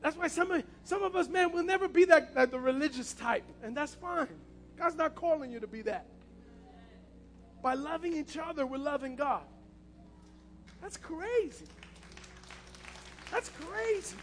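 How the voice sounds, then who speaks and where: A man's voice: very high voice, normal speed, fairly bright tone, a faint crowd. A man preaching a passionate sermon as pastor, repeating his key phrases.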